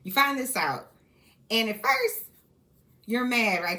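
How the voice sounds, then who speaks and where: A woman giving casual, candid commentary on a reality show, sassy and outspoken, with quick asides. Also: fairly high pitch, animated, pushed and bright.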